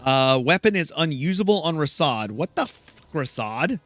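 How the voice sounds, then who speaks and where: A man talks through his video game run in a rambling, chatty, self-deprecating way. His voice sits slightly high and moves with lively pitch. The sound is dry and close, with faint music underneath. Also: normal speed, no echo. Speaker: gameplay host. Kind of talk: let's play commentary.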